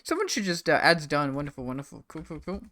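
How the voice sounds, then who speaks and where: A streamer reacting to a video game live, talking casually and swearing a lot. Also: male voice, a little high, sing-song, fast, sharp tone. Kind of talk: live gameplay commentary. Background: game music.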